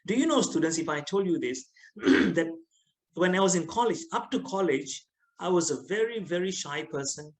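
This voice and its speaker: A middle-aged man with a Malaysian English accent giving a lively, teasing online lecture to students, often asking them questions. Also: high-pitched, moderate pace, low-quality recording.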